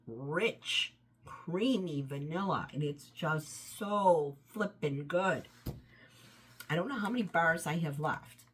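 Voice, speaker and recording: A woman's voice: deep voice, slight background noise. Chatty woman reviewing home scents. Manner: rambling, enthusiastic, trails off often. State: voice tiring, run down. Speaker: home fragrance vlogger. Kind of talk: casual product review.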